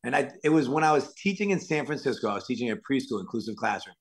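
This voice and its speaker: A man from Massachusetts talks as a podcast guest. He has a gravelly edge to his voice and a mid-range pitch. He tells his stories in a loose, animated way. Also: fast talker. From Worcester, Massachusetts. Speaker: podcast guest, actor and stuntman. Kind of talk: casual storytelling interview.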